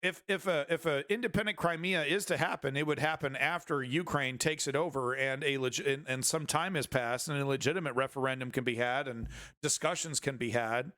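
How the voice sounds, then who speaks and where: A man's voice: medium pitch, brisk, bright, forceful tone, dry recording, studio quality. A man hosting a live-streamed news show, rambling through casual commentary with crude jokes and many restarts.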